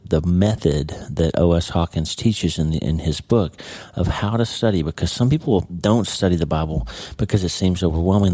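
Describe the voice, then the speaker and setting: A man's voice: low-pitched, mellow, no echo. A man hosting a podcast, giving a casual devotional Bible lesson in a conversational way that keeps checking in with the listener. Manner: conversational, repeats words and checks in with "okay?" and "right?". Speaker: podcast host and Bible teacher.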